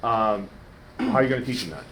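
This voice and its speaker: A man coaching wrestling promos in casual, animated talk, demonstrating cadences and coaxing a student. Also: fairly low pitch, fairly quick, slight background noise. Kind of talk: casual teaching. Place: wrestling school training room. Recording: echoey room from far off.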